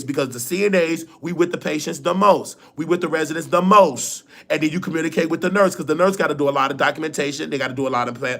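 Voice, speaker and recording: A man with a high, bright voice and a gravelly edge hosts a live stream. He tells a personal story in loose, colloquial talk, animated and full of feeling. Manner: animated, colloquial, emotional retelling. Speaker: livestream show host.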